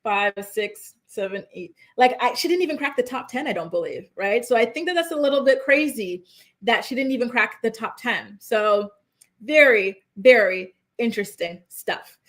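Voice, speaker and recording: Chatty, animated young woman host. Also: fairly high pitch, normal speed. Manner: chatty, animated, rambling asides. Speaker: pop culture commentary host. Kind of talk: casual livestream chat reading viewer comments.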